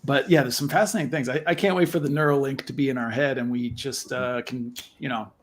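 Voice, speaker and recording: A man speaking with eager energy, explaining as he goes. His voice is mid-pitched and plain. He talks in a casual chat style. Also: steady tone, fast. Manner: enthusiastic, explanatory. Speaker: guest.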